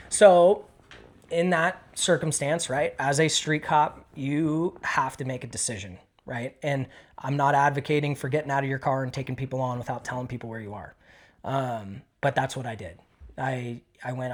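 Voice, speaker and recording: A middle-aged man, a retired police dog handler, casually and profanely retelling a tense street encounter in an interview, acting out the dialogue. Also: mid-range voice.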